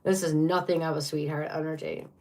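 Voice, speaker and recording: A woman doing a tarot reading for viewers, with a fairly low voice. She talks bluntly and throws in profanity, reacting with drama to each card. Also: steady tone, brisk, mellow. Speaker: tarot reader.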